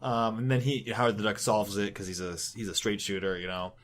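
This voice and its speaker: A man's voice: lowish voice, level tone, brisk, a bit bright. Man recapping a comic, loose and rambling. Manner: rambling, laughing, swears casually. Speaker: podcast co-host. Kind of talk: casual comic book recap.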